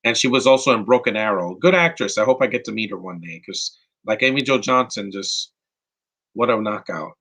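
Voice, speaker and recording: A New York man hosts a live movie commentary podcast, rambling through opinionated takes, answering chat questions, and often restarting his sentences. His lowish voice has lively intonation and a pushed, bright quality, and he talks a little fast. The recording quality is low.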